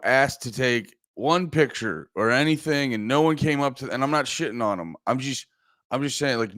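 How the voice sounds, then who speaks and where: A man's voice: mid-range voice, a bit bright, no echo. Male podcast host, groggy, rambling and profane, reads chat aloud, dry close sound. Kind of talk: casual livestream chat.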